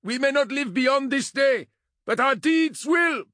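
A man voicing a scarred female officer who gives an impassioned, shouted battle speech to her troops in an audiobook. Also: very high-pitched, animated, a little slow, dry recording, studio quality, voice pushed up. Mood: rallying.

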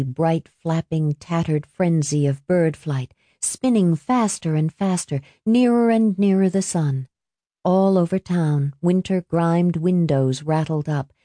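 Woman reading a novel aloud, low mellow voice, dry close sound. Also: dry recording. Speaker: audiobook narrator. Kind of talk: scripted narration.

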